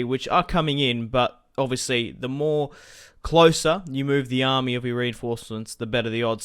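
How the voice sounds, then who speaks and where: A man's voice: mid-range voice, a bit bright, clear, resonant tone. A man hosting a gaming channel, casually talking through his strategy game as he plays, thinking aloud with asides to viewers. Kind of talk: casual gameplay commentary.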